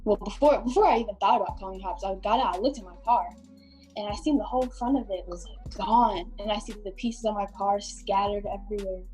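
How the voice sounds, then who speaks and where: A young woman tells her story as a podcast guest. Her voice is warm and mellow, and she talks loosely with plenty of fillers. A faint bed of music sits under her. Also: medium pitch, fast talker. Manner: vivid storytelling with many fillers. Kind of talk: casual storytelling.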